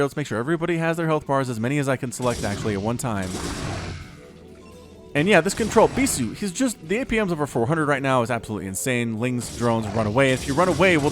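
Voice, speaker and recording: A man casting a real-time strategy match with animated commentary and quick excited bursts. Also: on the high side. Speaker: StarCraft caster.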